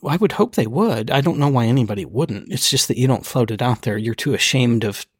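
Brief Male podcast co-host, lively storyteller, slightly husky, dry close mic. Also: a little fast, dry recording. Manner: animated, acts out his own reactions in high bursts. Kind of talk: casual chat, comic storytelling.

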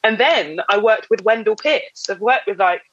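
A woman, a guest actress on a casual podcast, telling stories with lively laughter. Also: mid-range voice, moderate pace, breathy edge, dry recording, dull audio. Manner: animated storyteller, laughs often.

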